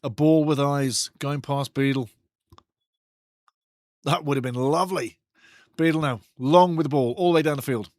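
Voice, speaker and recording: A man hosting a live football watch-along, commentating excitedly on the match and chatting with viewers' comments. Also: fairly high pitch, normal speed, pauses often, dry recording, studio quality.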